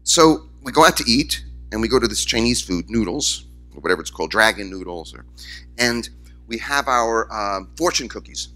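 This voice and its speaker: A man's voice: lowish voice, normal speed, faint music behind. A man, a rabbi, giving a conference keynote, telling stories and acting out the voices of the people in them. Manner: storytelling, animated, acts out quoted voices. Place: conference hall, in front of audience.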